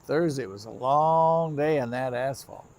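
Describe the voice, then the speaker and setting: This is a railfan livestream host, a tired middle-aged man making relaxed conversation with his audience from trackside after dark. His voice is mid-range and darkish, and he speaks a little slowly while insects and crickets chirp nearby.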